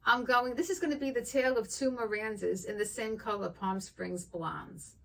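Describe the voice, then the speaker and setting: Older woman, wig vlogger, gravelly, chatty storyteller, slightly high voice, mic a little far. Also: normal speed. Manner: chatty, animated, acts out both sides of the story. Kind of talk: casual storytelling to viewers.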